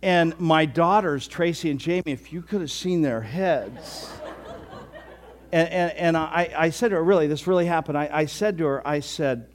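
A man's voice: on the high side, unhurried. A man in his sixties, a pastor, giving a folksy, conversational sermon, often chuckling and restarting his sentences.

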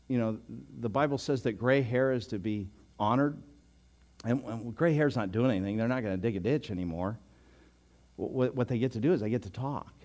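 An older man preaching a sermon as a pastor, telling stories with chuckles and frequent word restarts. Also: medium pitch. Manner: storytelling with chuckles, animated and loud in anecdotes; repeats words, restarts.

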